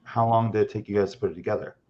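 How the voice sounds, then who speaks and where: A man co-hosting a podcast and interviewing a guest, thoughtful and heavy on fillers. His voice is deep. The sound is muffled and lo-fi. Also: steady tone, rapid-fire, a little mellow, slight background noise. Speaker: podcast co-host. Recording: dull lo-fi sound.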